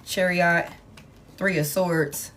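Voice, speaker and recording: A woman's voice: lowish voice, steady tone, slow, a bit bright, slight background noise. Blunt, exasperated woman reading tarot. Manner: blunt, exasperated, swearing, repeats phrases for emphasis. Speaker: tarot reader. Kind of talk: live collective tarot reading.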